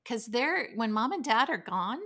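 A middle-aged woman, a podcast guest, telling family stories in a lively way and acting out her children's voices. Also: on the high side, measured pace. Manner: animated storytelling, acts out her kids' voices. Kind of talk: casual podcast conversation.

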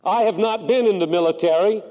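Preacher, male, Pacific Northwest, high animated delivery, churchy hall echo. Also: brisk, phone-quality sound. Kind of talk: sermon.

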